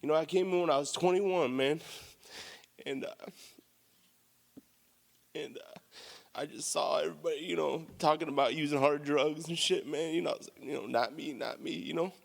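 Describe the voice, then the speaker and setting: A man's voice: fairly high pitch, fairly even intonation, normal speed, creaky, long pauses. A man giving an emotional share at a recovery meeting, near tears, talking bluntly with lots of swearing, "you know" and "man". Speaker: member sharing at a recovery meeting. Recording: long hall reverb.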